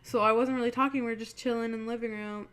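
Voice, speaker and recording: A woman's voice: a little high, steady tone, quick pace, a bit bright, clean tone. A young woman hosting her channel, chatting casually and telling spooky stories, swearing freely and acting out what people said. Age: young adult. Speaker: channel host.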